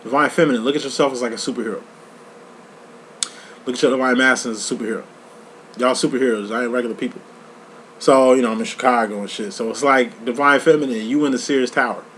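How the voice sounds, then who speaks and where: A man giving a casual tarot reading, talking in a profane, slang-heavy, animated storytelling way. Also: medium pitch, quick pace, pauses often, a little hiss or hum. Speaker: tarot reader. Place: lives in Chicago.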